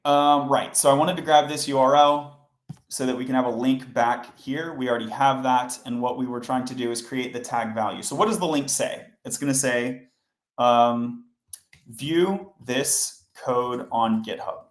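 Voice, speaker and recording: A man of middle pitch walks viewers through code on a live stream, chatty and step by step, often turning to his chat. His voice carries a noticeable room echo. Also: unhurried. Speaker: coding livestream host. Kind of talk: casual live coding tutorial. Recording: roomy echo.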